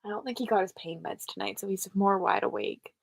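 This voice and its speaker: With some vocal fry and a slightly rough edge, a young woman talks briskly at a medium pitch, with no echo. She's hosting a late-night livestream, weary from staying up, chatting loosely with viewers, replying to chat, and teasing herself.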